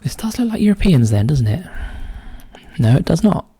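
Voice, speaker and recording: A man with a dark, gravelly voice talks himself through a crossword. He often trails into a quiet mutter. The sound is dry and close, with no room echo. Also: on the high side, big pitch swings, moderate pace. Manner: muses aloud, often drops to a quiet mutter. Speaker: crossword solver. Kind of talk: casual solo puzzle-solving commentary.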